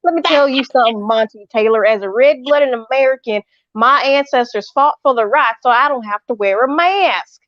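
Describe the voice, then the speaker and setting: Woman doing a blustering anti-mask patriot, high voice, indignant mocking tone, dry dull lo-fi sound. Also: moderate pace, hardly any pauses, dry recording, close to an everyday voice.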